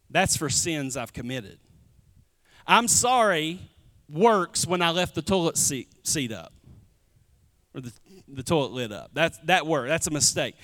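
A man's voice: high voice, lively intonation, measured pace, fairly bright tone. A man, a pastor preaching a conversational sermon and calling out to the congregation. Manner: conversational preaching with audience call-outs. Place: church sanctuary. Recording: long hall reverb.

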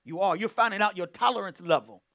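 High, lively, bright-voiced fervent pastor. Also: male voice, fast. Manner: fervent, exclaiming and humming between points; calls on the congregation to respond. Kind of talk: sermon.

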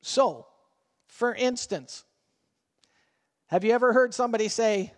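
High-voiced preaching man in a reverberant hall. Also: a little slow, long pauses. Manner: conversational preaching, asks the congregation questions. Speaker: pastor. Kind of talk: sermon. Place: church sanctuary.

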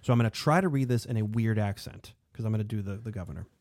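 A man hosting a casual history podcast, talking in an animated, rambling way with lots of fillers. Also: on the low side, fast talker, no room sound. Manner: animated, digressive, frequent fillers. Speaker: podcast host.

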